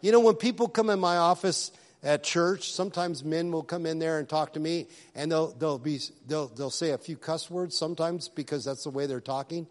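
A man preaches in a loose, chatty style, telling stories and tossing asides to the congregation. His voice sits a little high. The sound carries the long reverb of a large church hall. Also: normal speed, hardly any pauses. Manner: conversational storytelling preaching with asides. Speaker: pastor. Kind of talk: sermon.

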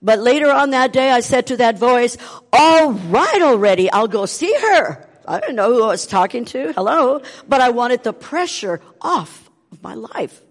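A woman's voice: fairly high pitch, moderate pace, few pauses, big-room sound. An older woman tells her testimony animatedly, acting out the voices of the people in her story. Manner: animated, acts out quoted voices. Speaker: speaker giving a testimony.

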